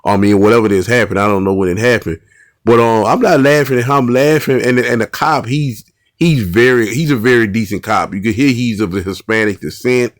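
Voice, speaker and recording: A man talks through bodycam footage in a casual, earnest way, repeating himself and restarting sentences. His voice sits at a middle pitch. It is recorded dry and close. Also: fairly quick, no room sound. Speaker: host of a bodycam commentary show. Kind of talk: casual video commentary.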